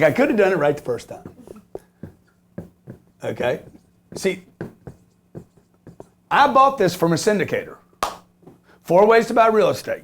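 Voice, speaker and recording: A man's voice: a little high, slight background noise. A man in his fifties who talks about real estate investing, emphatic and repetitive, often asking "okay?" and swearing as he jokes. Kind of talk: animated business talk.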